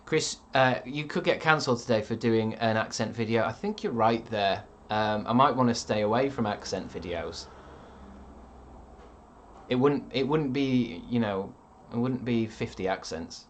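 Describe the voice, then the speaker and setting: A man's voice: medium pitch, normal speed, a little hiss or hum. A man streaming live, reading out chat with rambling dry jokes and lots of ums.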